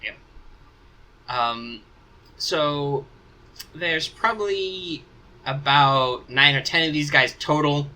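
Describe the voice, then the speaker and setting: A man's voice: fairly high pitch, takes it slowly, pauses often, bright, forceful tone, low-quality recording. A man acting as game master, narrating a tabletop game in a casual, rambling way as he thinks aloud.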